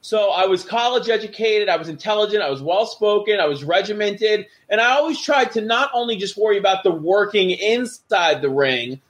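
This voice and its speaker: A middle-aged man, a former wrestler, telling backstage stories in a casual chat and acting out the voices of people he quotes. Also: sits high. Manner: animated, acts out quoted voices. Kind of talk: casual storytelling.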